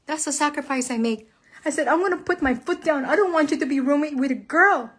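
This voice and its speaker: A woman's voice: high voice, a little fast, fairly bright tone. A woman, very angry, giving a heated, profane rant to viewers about her husband. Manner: heated, profane, emphatic, addresses viewers as guys. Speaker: wife speaking out online. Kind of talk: angry personal rant to camera.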